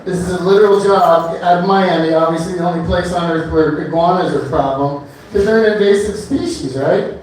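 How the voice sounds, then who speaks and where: High-voiced man doing stand-up. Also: brisk, few pauses, a little mellow, a little hiss or hum. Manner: loose, rambling with many uhs between one-liners. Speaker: stand-up comedian. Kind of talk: stand-up comedy set. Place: bar comedy club stage. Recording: echoey club room from far off.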